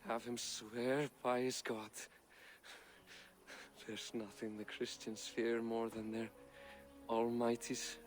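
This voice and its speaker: An actor playing a dying, loyal warrior cousin who speaks slowly and weakly, with resignation, in a video game. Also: male voice, medium pitch, level tone, soft background music, natural voice. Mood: fading, proud. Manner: slow, weak, resigned.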